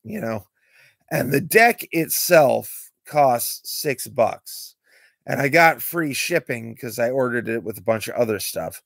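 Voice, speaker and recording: A man's voice: mid-range voice, lively intonation, takes it slowly, vocal fry, a bit bright, dry recording. A man rambling through candid stories in a late-night livestream monologue, close to his desk mic. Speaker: streamer.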